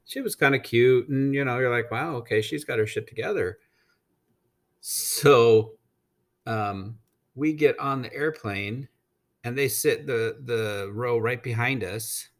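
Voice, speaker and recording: A man telling a casual travel story, blunt and rambling, with frequent swearing and filler words. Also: medium pitch. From United States. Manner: blunt, swears freely, rambling with many ums. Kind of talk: casual anecdote.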